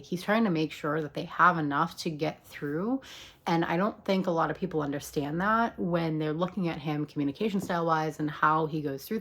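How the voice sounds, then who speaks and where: A woman talking casually as a video commentator, chatty with lots of ums and likes and casual swearing. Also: lowish voice.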